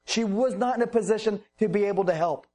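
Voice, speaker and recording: A man's voice: sits high, fast talker, a little mellow. A man preaching a sermon, reading Bible verses and explaining them earnestly with rhetorical questions.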